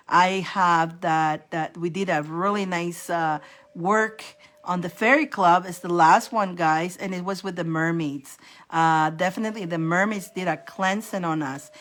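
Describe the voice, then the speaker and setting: A woman hosting a casual live-stream spiritual reading. She is chatty and animated, repeats herself and laughs often. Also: lowish voice. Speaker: host giving psychic readings.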